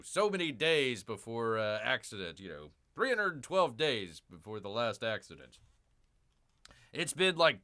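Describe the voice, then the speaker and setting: Animated man with wide pitch swings. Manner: rambling, calls himself Bear in third person, keeps saying "people"; lively, animated delivery with big pitch swings. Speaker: gaming channel host. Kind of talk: casual let's-play commentary.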